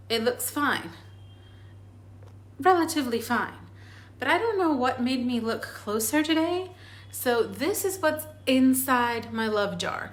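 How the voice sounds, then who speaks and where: A woman, casually talking to the camera in a home video and showing things close up. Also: a little high. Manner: expressive, shows jars close to the camera. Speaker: parenting vlogger.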